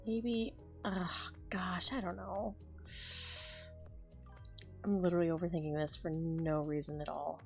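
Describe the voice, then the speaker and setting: Woman artist, casual drawing stream, rambling, self-deprecating, lowish voice. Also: flat delivery, a little slow, creaky, long pauses, darkish tone, soft background music. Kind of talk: casual chat while drawing.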